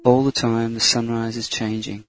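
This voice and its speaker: A man leading a guided visualisation meditation in a slow, soothing voice. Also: medium pitch, level tone.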